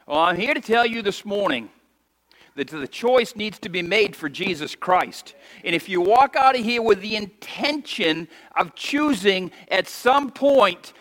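A man's voice: high-pitched, fairly bright tone. A man preaching a sermon as pastor, reading scripture aloud and having the congregation repeat lines after him with emphatic delivery. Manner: reads scripture aloud in archaic wording. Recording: long hall reverb.

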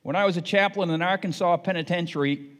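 Folksy older preacher in a reverberant hall. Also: male voice, high-pitched, fast. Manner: folksy and anecdotal, rising to emphatic exhortation. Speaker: pastor. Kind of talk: sermon. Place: church sanctuary.

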